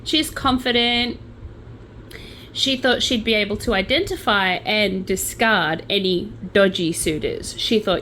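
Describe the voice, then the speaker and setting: A woman's voice: mid-range voice, unhurried, sharp tone, a little hiss or hum, poor audio. A young Australian woman hosting a true crime channel, telling the story in a casual, chatty way with sardonic asides.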